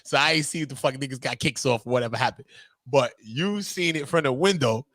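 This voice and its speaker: A man in casual podcast chat, ranting in animated slang and laughing often. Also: mid-range voice, fairly quick, no room sound.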